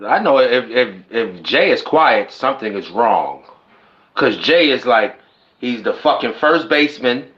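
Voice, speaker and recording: A man's voice: mid-range voice, expressive, measured pace, fairly bright tone. Man, podcast co-host, casual chat, laid-back, swears easily, dull lo-fi sound.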